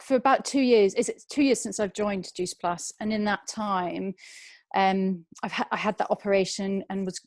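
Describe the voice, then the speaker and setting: A woman's voice: medium pitch, fairly even intonation, moderate pace, a little mellow, no room sound. A woman in her thirties, a guest telling a personal story on a video call, hesitant and emotional.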